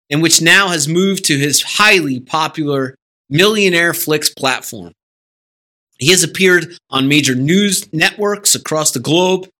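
A man's voice: a little high, pushed and bright. A man hosting an interview show, reading out a guest's introduction and then asking questions. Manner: formal read-out intro. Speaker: podcast host.

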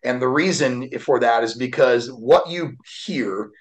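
A man's voice: mid-range voice, unhurried, low-quality recording. Man in his 40s, motivational guest, emotional storytelling, lots of "you know" and "uh". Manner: candid and heartfelt, with frequent fillers. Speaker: guest, motivational speaker and author.

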